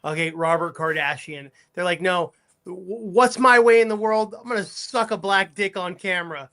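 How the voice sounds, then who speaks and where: A man on a talk show as a guest, crude and excitable, stammering over his words. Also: sits high, normal speed. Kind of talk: casual talk show chat.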